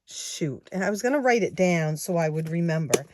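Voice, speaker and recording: A woman in her sixties chatting casually to her viewers, counting money out loud as she goes. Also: fairly low pitch, lively intonation, moderate pace, dry recording, studio quality. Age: 60s. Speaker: savings challenge vlogger.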